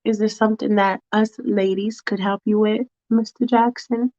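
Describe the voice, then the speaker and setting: A woman's voice: medium pitch, fairly even intonation, normal speed, warm tone, muffled recording, close to an everyday voice. A woman voicing a bold, mouthy sixteen-year-old girl who talks back with sass. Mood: sassy. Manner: sassy, mocking, brash.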